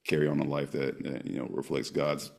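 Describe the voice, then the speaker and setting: A man being interviewed as an author, speaking in a measured, hesitant way with many fillers. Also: a bass voice, monotone, gravelly, darkish tone. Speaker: author, real estate investor, guest. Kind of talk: casual interview chat.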